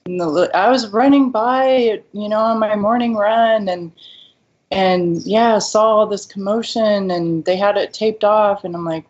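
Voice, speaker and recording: A woman's voice: medium pitch, steady tone, normal speed, a little mellow. A woman guest in an interview recounting a painful past event, voicing the words of others as she goes. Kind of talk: personal account. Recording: dull lo-fi recording.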